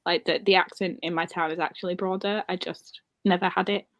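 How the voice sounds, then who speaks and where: A woman's voice: on the low side, fairly even intonation, fairly quick, no echo. A woman from northern England chatting casually over a video call, telling wry stories. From northern England, near Wigan. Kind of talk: casual chat.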